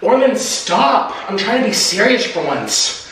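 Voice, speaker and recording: A man's voice: high-pitched, sing-song, a little slow, recorded from a distance. A man vlogging at home while eating, talking in a dramatic, whiny way as he bickers with his partner. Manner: dramatic, whiny, shrieks when hit. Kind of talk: mukbang vlog with staged bickering. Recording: echoey room with clear background noise.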